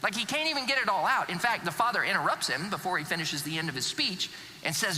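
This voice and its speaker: Animated pastor preaching in a reverberant church. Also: male voice, high voice, fast talker, a little hiss or hum. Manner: lively storytelling, acting out characters with sarcasm. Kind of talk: sermon. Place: church sanctuary.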